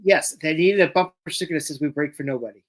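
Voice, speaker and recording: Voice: mid-range voice, quick pace. A co-host chatting casually and enthusiastically during a live watch-along. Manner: chatty, enthusiastic fan banter. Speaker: podcast co-host.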